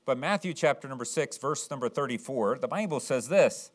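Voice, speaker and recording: A man preaches to his congregation in a church with a mid-pitched voice. He talks in a folksy way, repeating phrases, and builds to emphatic, forceful points. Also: animated, brisk. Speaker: pastor. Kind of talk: sermon. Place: church sanctuary.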